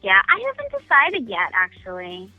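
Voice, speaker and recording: A woman's voice: mid-range voice, wildly swooping pitch, moderate pace, narrow, tinny audio, soft background music. A woman guest chatting casually in a phone-in radio interview, self-deprecating and full of ums. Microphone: phone call.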